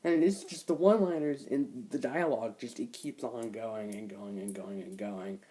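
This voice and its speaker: A man's voice: mid-range voice, normal speed, mellow, poor audio. A young man casually reviewing a film, retelling scenes in a rambling way, full of fillers and "like.". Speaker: movie reviewer.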